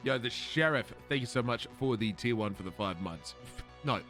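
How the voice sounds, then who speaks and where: A young man with an Australian accent talks to his stream viewers in a loose, chatty way. His voice is bright and swings up and down, and now and then he swears and laughs at himself. Faint music plays under his talk. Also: medium pitch, lively intonation, moderate pace. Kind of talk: casual chat with stream viewers.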